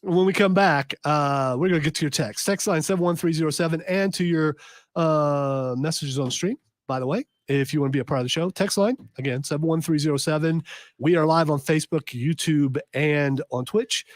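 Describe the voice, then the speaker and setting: A man hosting a live talk radio show, reading news out loud and joking, stumbling over long names. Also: fairly high pitch, a little fast, no room sound, studio quality. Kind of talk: casual live radio chat.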